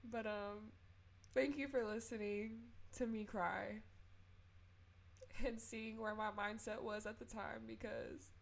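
A woman's voice: a little high, flat delivery, slow, gravelly. A young woman hosting a podcast, sharing a personal testimony in an earnest, tearful way and offering faith-filled encouragement. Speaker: podcast host.

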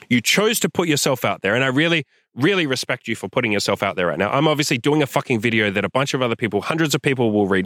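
A young man with a medium-pitched voice hosts a show, forcefully and directly hurling profanity-laced motivation at a listener. He's filmed outside in the sun, though the audio is studio quality with no room sound.

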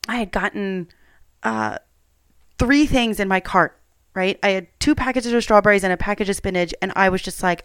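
A woman's voice: mid-range voice, a bit bright, clear, resonant tone, no room sound. A woman in her thirties, a mother, telling a personal story at home in a candid, chatty way with plenty of fillers.

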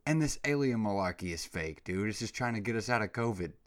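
A man hosting his own comedy podcast, rambling excitably and throwing in slang like "dude" and "bro" as he rants. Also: on the low side, brisk, few pauses. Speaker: podcast host. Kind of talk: comedic solo podcast rant.

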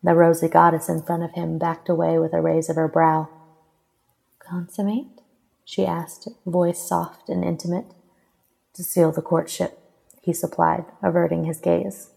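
A woman reading a romantic fantasy fan fiction aloud in steady, even storybook narration. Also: lowish voice, moderate pace, gravelly, husky, rough recording.

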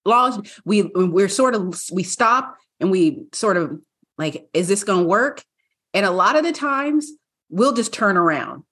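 Woman podcast co-host, husky, casual, animated storyteller. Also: unhurried. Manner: animated storyteller, acts out her dogs in high voices, laughs often. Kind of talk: casual chat.

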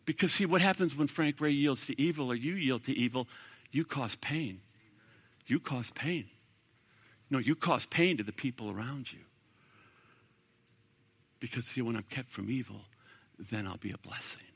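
A man preaching a sermon in a church, swinging from loud declarations to hushed, near-whispered prayer. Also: fairly high pitch, expressive, normal speed. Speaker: pastor. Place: church sanctuary. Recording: echoey hall reverb.

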